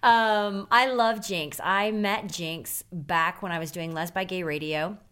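Woman podcast co-host, low-ish voice, chatty storyteller. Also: takes it slowly, clean tone. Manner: chatty, storytelling, animated laughter. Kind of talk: casual chat. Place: Chicago.

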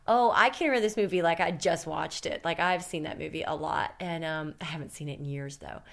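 A woman's voice: deep voice, fairly quick, gravelly. A woman hosting a podcast, chatting casually and candidly, rambling with lots of fillers. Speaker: podcast host. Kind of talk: casual chat.

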